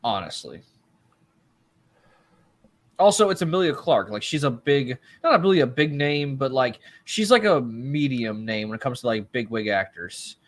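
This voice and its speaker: A man's voice: medium pitch, big pitch swings, moderate pace. Man making confident predictions. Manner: confident predictions, filler-heavy. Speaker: podcast co-host. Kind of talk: casual chat.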